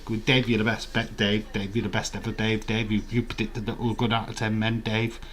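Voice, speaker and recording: A man's voice: lowish voice, level tone, brisk, a bit bright. A man hosting a live watch-along stream, rambling in casual, profane banter with his chat.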